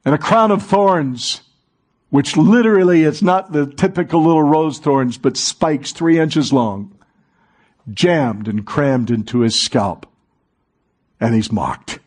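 Slow, husky male preacher. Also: a little high. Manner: dramatic, swings from hushed to rising fervor. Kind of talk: sermon.

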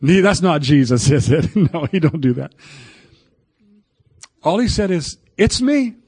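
A man's voice: on the high side, expressive, measured pace, a little mellow, slightly rough, no room sound. An older man, a pastor, preaching a folksy, emphatic sermon and breaking into old hymns.

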